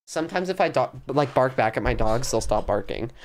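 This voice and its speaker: A woman's voice: a bass voice, animated, a little fast, background noise. A young woman streaming from her bedroom, chatting casually with a hyper, playful, mock-dramatic manner. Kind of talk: casual live-stream chat. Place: bedroom at home.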